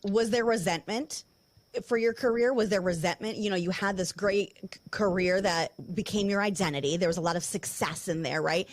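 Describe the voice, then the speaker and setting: A woman hosting a podcast, speaking candidly and close to tears, rushing through her thoughts in quick bursts. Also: mid-range voice. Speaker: podcast host. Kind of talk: emotional podcast conversation. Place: studio building.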